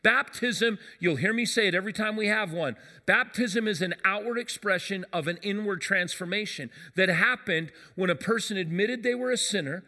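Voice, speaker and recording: A man with a high, bright voice, preaching from the pulpit of a church. He tells stories with animation, acting out the lines of the people in them. His voice rings through a hall with a long reverb. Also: normal speed, few pauses. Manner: animated storyteller acting out quotes. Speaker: pastor. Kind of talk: sermon with storytelling. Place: church sanctuary.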